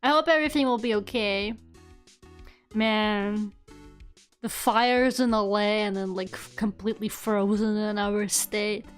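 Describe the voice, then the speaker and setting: A woman's voice: mid-range voice, fairly even intonation, a little slow, smooth. A young woman streaming as a VTuber, chatting casually, giggling and swearing now and then, with faint game music behind her. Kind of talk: casual livestream chat.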